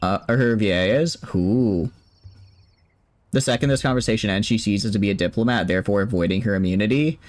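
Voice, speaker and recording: A man's voice: lowish voice, fairly quick. A man giving casual commentary as he streams a game, thinking aloud in a chatty way.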